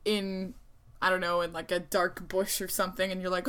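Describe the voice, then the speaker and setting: A woman's voice: lowish voice, flat delivery, normal speed, a bit bright. A young woman in casual chat, giggly and rambling with lots of fillers. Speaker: vlogger.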